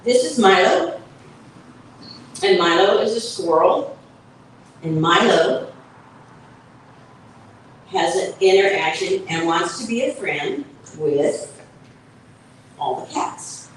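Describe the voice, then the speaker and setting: Woman author reading a children's book aloud at a book fair, slow, heard far off in an echoey hall. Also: lowish voice, lively intonation, slight background noise. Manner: slow, explanatory storytelling with asides.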